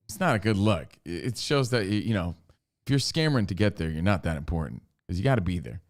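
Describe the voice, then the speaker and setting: A man's voice: low voice, very animated, quick pace. A man co-hosting a talk show, wisecracking and lecturing listeners in casual chat. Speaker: co-host. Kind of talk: casual radio show banter.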